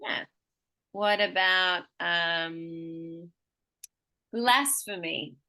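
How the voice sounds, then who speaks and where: In a one-on-one session, a woman teaching pronunciation stretches example words out slowly and distinctly so the student can imitate them. Her voice is bright, forward, mid-range and expressive, and between examples she explains things patiently at a relaxed pace.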